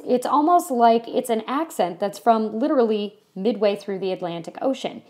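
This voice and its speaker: A woman's voice: on the high side, lively intonation, moderate pace, hardly any pauses, a little mellow. A woman from California giving a casual history lecture to a class, chatty and full of ums and you-knows. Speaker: history teacher.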